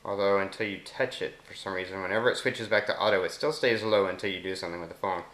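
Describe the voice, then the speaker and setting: A man with a Southern US accent casually explaining a phone app, speaking voice commands slowly and clearly in between. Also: deep voice, steady tone, a bit bright. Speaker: app demonstrator. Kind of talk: casual screen demo narration. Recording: roomy echo.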